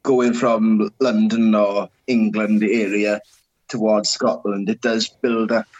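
A man's voice: lowish voice, flat delivery, takes it slowly, a little mellow, muffled recording. A man from Wales, chatting casually and hesitantly. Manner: hesitant, many fillers and restarts. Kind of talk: casual chat.

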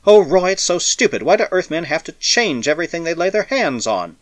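A man's voice: medium pitch, wildly swooping pitch, normal speed, fairly bright tone, dry recording. Man putting on a stubborn young woman. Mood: pleading. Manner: pleading, stubborn. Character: stubborn, rebellious young woman with mind powers.

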